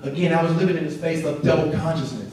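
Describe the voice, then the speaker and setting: A man's voice: on the high side, fast, a little mellow, a little hiss or hum. A man giving an earnest personal story to an audience, acting out the dialogue as he goes. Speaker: speaker at a symposium. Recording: echoey hall, voice from far off.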